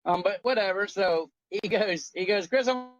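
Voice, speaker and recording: Man, forties, high voice, animated, profane, joking, dry muffled sound. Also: moderate pace. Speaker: co-host. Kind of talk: casual chat.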